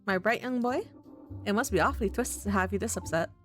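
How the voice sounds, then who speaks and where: A woman voicing a warm, doting grandmother, soothing but firm, in a visual novel. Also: medium pitch, brisk, faint music behind, natural voice. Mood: concerned.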